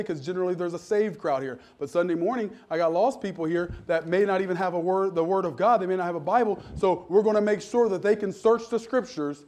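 A man's voice: high-pitched, darkish tone. A middle-aged man preaching a sermon as pastor, folksy and joking, building to emphatic preaching. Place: church.

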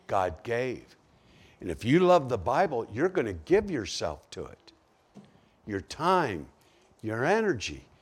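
A man's voice: fairly low pitch, breathy edge. A man preaching a sermon to a congregation, asking rhetorical questions as he goes. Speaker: pastor.

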